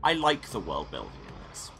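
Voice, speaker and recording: A man's voice: low-pitched, huge pitch swings, moderate pace, vocal fry, fairly bright tone, faint music behind. A man hosting a let's play, reading story text aloud and musing on his choices with wry humor. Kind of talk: reading game text and commenting.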